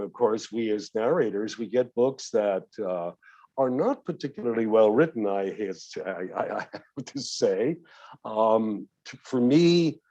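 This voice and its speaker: Older male audiobook narrator, warm and theatrical, dull lo-fi sound. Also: medium pitch. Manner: expressive, leans on "of course", stretches words for emphasis. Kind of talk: reflective talk at a convention.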